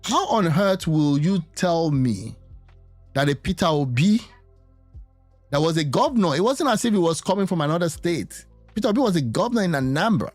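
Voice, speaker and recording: A man's voice: a little high, sing-song, moderate pace, darkish tone, dry recording, soft background music. Musing man commenting on politics. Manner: musing, hesitant, repeats words.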